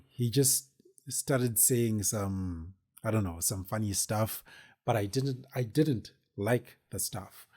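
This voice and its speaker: A man's voice: fairly low pitch, a little mellow. A man hosting a podcast, telling a personal story casually in a rambling way, with many fillers and restarts. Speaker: podcast host.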